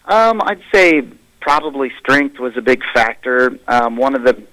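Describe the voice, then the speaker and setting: Plainspoken coach, dry close sound. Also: male voice, medium pitch, lively intonation, measured pace, a bit bright, dry recording, poor audio. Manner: candid, plainspoken self-critique. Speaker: high school wrestling coach. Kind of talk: radio interview.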